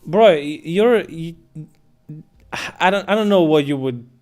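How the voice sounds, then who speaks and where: A male streamer with a slightly higher-pitched voice talks straight into a desk microphone. He is blunt and mocking, often swearing and sounding incredulous at his chat. Faint music plays underneath. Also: expressive, unhurried, a little mellow. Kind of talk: casual live-stream chat reading viewers' comments.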